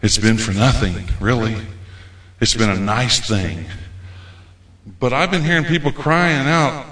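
A man preaching a folksy, animated sermon as a visiting preacher. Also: medium pitch, unhurried. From United States. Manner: folksy, animated, acts out quoted voices. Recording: echoey room.

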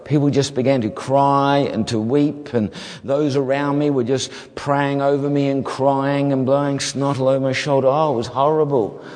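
A New Zealand man with a New Zealand accent gives a humorous testimony as a guest preacher, animated and full of comic asides. His medium-pitched voice moves at normal speed, with long hall reverb on the recording.

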